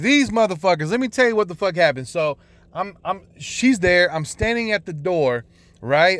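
A young man with a slightly high voice tells a long personal story in a loose, rambling way. He swears constantly, circles back, and restarts his sentences. The sound is dry and close. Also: dry recording. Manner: profane, rambling, frequent restarts and fillers. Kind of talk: casual storytelling monologue.

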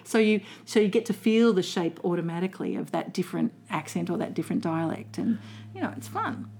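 An Australian woman who works as a voice coach, chatting casually in an interview, animated and quick to laugh. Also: on the low side, gravelly. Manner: animated, laughs often, restarts sentences.

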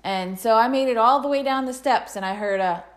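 A woman's voice: on the high side, fairly quick. Laughing woman telling a story. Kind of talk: casual storytelling chat.

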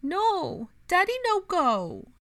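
A woman voicing a clingy toddler boy in a storybook reading, much higher than her own voice. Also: wildly swooping pitch, drawn-out words, fairly bright tone, heavily acted. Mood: pleading.

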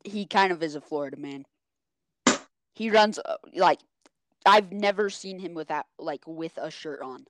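A man's voice: on the high side, a little slow, noisy background. A teenage boy rambling through a story in casual chat with friends, making crude jokes.

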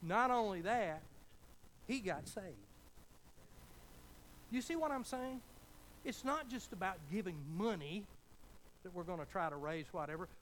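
A man's voice: sits high, expressive, a little slow, pauses often, a bit bright, a little hiss or hum, poor audio. A man preaching a sermon, telling a folksy story as pastor and building to fervent appeals.

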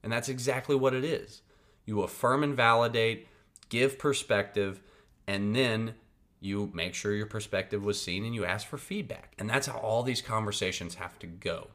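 A man's voice: lowish voice, normal speed, fairly bright tone. A man hosting a podcast, giving casual advice in a blunt, profane, emphatic way and often checking in with his listeners. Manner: conversational, checks in with "right?" and "okay?". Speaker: podcast host.

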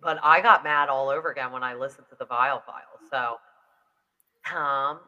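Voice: mid-range voice, steady tone, moderate pace, pushed and bright, lo-fi sound. A podcast host recapping reality TV at home in a chatty, casual way, with lots of fillers. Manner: chatty, heavy use of "like", mimics people in quotes.

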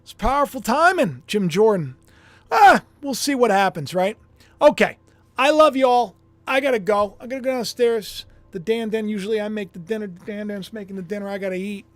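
A man hosting a podcast from home, preaching scripture fervently and slowing down hard on key words. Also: high-pitched, lively intonation, no echo. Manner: fervent, slows down hard for emphasis. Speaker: podcast host.

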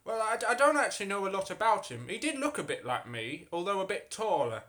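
A man voicing a gruff, grumbling male blacksmith with a northern English accent. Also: high voice, very animated, brisk, fairly bright tone, voice pushed up. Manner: put-on villager voice, rambling.

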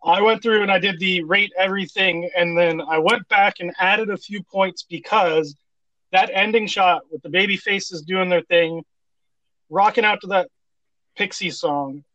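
Male co-host, high bright voice, excitable and profane, dry dull lo-fi sound. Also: no room sound. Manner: excitable, swears casually. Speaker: podcast co-host. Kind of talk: casual chat.

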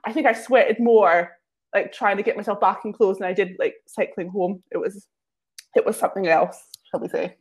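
A woman's voice: mid-range voice, steady tone, moderate pace, darkish tone. A woman guest telling casual, self-mocking anecdotes, full of filler words. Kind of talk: casual storytelling.

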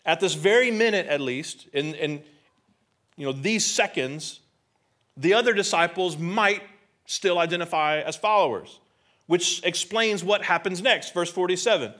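A man preaching a sermon with a voice pitched a little higher than most men's. He talks in a conversational, emphatic way and keeps putting rhetorical questions to the congregation. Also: measured pace, pushed and bright. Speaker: pastor.

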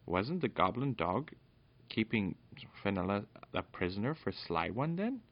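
A man's voice: fairly low pitch, big pitch swings, a little slow, dull audio, heavily acted. A man reading a storybook aloud, voicing a brave, insistent small boy. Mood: bold. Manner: bold, insistent.

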